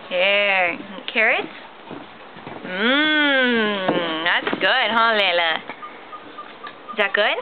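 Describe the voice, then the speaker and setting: A woman's voice: mid-range voice, expressive, drawn-out words, long pauses. A woman in a home video, coaxing a toddler to eat in a sing-song voice. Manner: coaxing, sing-song talk to a small child. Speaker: caregiver feeding a toddler. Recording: tinny, noisy home video.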